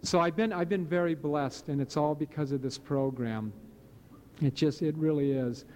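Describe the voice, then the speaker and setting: A man's voice: a little high, normal speed, darkish tone. Earnest rambling man in his late fifties. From Hawaii. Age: late 50s. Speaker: speaker sharing at a recovery meeting. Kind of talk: personal testimony to a live audience.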